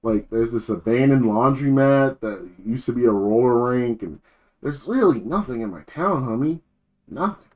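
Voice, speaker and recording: A man's voice: mid-range voice, expressive, normal speed. A young man from New Jersey chatting casually on a live stream, rambling, swearing and full of slang.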